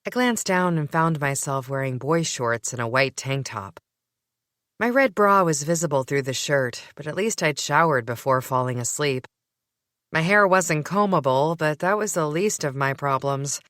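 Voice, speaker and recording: A woman narrating a first-person audiobook with expressive, sardonic delivery. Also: deep voice, moderate pace, no echo, clean studio sound.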